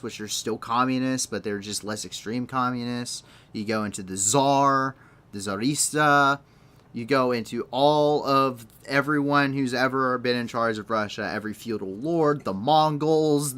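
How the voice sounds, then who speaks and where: A man's voice: medium pitch, a bit bright. A young man hosting a live online news show, commenting off the cuff in a rambling, sarcastic way with many restarts.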